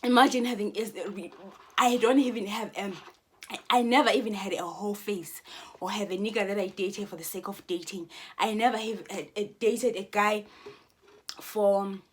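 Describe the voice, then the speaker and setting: A woman's voice: medium pitch, fairly even intonation, normal speed, husky. Heated, profane woman ranting at viewers. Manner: heated, swearing, repeats and restarts phrases. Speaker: vlogger. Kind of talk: profane angry monologue to viewers.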